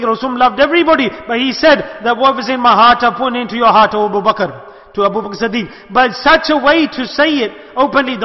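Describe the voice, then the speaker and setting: A man giving an impassioned sermon as a sheikh, asking rhetorical questions and moving between soft and loud passages. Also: sits high. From United Kingdom. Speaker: sheikh giving a religious talk. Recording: long hall reverb, dull lo-fi sound.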